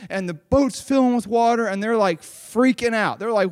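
A man giving a lively children's sermon, reading a Bible passage and retelling it in casual, animated storytelling with lots of "like". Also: high voice, moderate pace, hardly any pauses, no room sound, clean studio sound. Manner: casual, uses "like" often. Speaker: children's pastor.

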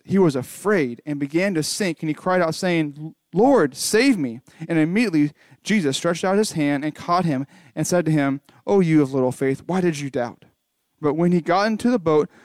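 A man's voice: a little high, a little mellow, no room sound. A man leading a children's church lesson from home, retelling a Bible story in an earnest, conversational way with frequent restarts. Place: home recording during lockdown.

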